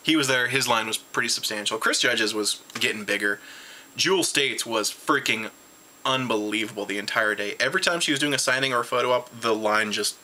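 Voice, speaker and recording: A tired man at home, rambling excitedly through a casual convention recap with lots of restarts. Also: a little fast, a little hiss or hum. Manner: jumps high in pitch when retelling his reactions. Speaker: vlogger reviewing a convention.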